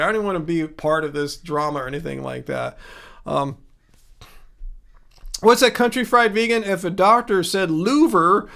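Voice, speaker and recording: Male livestream host, high voice, loose rambling chat with fillers and restarts. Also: fairly bright tone. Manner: rambling, chatty, frequent fillers and self-corrections. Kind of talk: casual livestream chat reading viewer comments.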